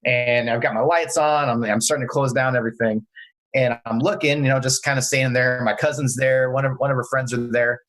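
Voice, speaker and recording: A man on a podcast casually telling a story about working at bars, with halting restarts. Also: mid-range voice, fairly even intonation, a bit bright, rough recording. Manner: hesitant, many restarts and fillers. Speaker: podcast co-host.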